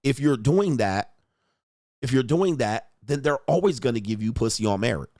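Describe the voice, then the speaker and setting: A man in his forties hosts a livestream in a crude, boisterous rant, mocking his critics and reading viewer comments aloud. His voice sits at an ordinary middle pitch. The sound is dry and close, with no room echo. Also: lively intonation, moderate pace, darkish tone. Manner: profane, boisterous, mocking, reads viewer chat. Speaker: livestream host.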